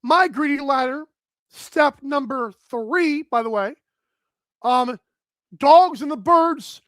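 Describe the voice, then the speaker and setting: A man hosting a live sports betting talk show, energetic and outspoken as he runs through his picks. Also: extremely high pitch, slow, no room sound. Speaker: host.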